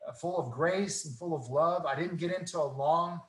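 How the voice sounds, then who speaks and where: A man telling faith stories in casual talk, earnest and animated, acting out the dialogue. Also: fairly high pitch, moderate pace, echoey room, low-quality recording. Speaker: guest.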